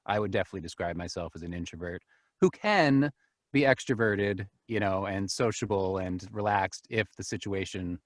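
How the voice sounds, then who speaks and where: Brief: man, casual guest on a call, relaxed, quick to laugh, dry sound. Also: low-pitched, no room sound. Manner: easygoing, laughs often, frequent "you know". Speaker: guest, narrator and group admin. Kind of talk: casual interview chat.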